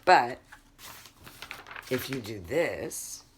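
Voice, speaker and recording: A woman's voice: rumbling low, sing-song, drawn-out words, noisy background. A woman music teacher giving a recorded lesson for children, patiently counting beats aloud and quizzing the class as she goes.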